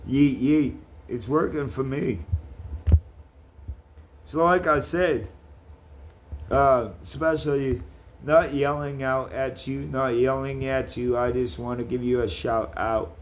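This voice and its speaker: A man's voice: medium pitch, steady tone, takes it slowly, pauses often, slight background noise. A man ranting to camera in a vlog, calling out people by name, with blunt, profane talk. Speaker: vlogger.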